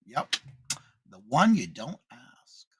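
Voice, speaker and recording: A man's voice: on the high side, wildly swooping pitch, slow pace, a bit bright, slightly rough, no room sound. A man co-hosting a morning live stream, chatting casually, reading out viewer comments and greeting each viewer by name with the same welcome.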